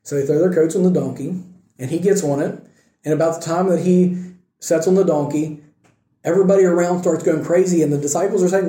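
A man's voice: a little high, steady tone, a little fast, mellow. A man preaching a conversational sermon, retelling a story and asking his listeners questions. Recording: echoey room.

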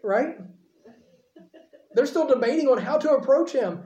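Mellow-voiced male preacher in a roomy space. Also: extremely high pitch, animated, quick pace, highs cut off. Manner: conversational, asks the audience questions. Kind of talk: sermon. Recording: roomy echo.

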